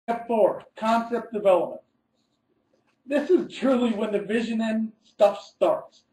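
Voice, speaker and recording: A man's voice: sits high, a little slow, warm tone, reverberant, low-quality recording. A man, an architect, giving a scripted webinar presentation, reading methodically through numbered steps and stressing key words.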